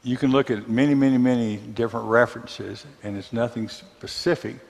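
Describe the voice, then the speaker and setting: A man from Mississippi with a Southern accent, teaching a church Bible class in a conversational way, asking the class questions and pausing on fillers. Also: mid-range voice, fairly even intonation, creaky, long reverb tail.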